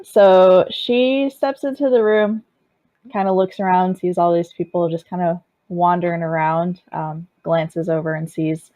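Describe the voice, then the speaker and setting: Woman kinda slowly describing her elf paladin, lots of ums, lowish voice, muffled. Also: steady tone. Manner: hesitant, with many fillers. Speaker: player. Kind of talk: describing her character at a tabletop game.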